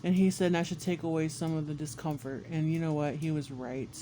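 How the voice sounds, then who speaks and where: Guy with a high voice telling a sick-day story, swears a lot, faint room noise behind. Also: a little fast. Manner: animated, swears often, acts out quotes with squeals. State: congested and sick. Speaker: vlogger. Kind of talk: casual storytelling to camera.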